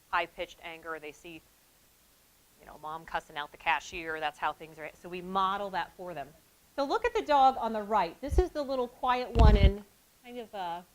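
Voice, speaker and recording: A woman presenting a training session on childhood trauma to school staff, talking in a lively way that drops to soft, calm tones. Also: mid-range voice, poor audio. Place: event hall with an audience.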